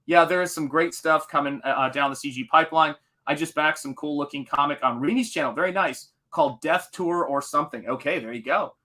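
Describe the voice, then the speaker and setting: A man hosting a live painting stream, chatting in a rambling, animated way as he reads viewer comments and recalls his teaching days. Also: on the high side, fairly quick. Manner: rambling, animated, quotes movies in put-on voices. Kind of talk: casual chat reading viewer comments.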